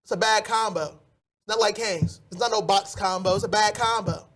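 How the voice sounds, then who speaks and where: A man hosting a solo sports podcast, ranting animatedly with loud outbursts. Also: high voice, fairly even intonation, moderate pace.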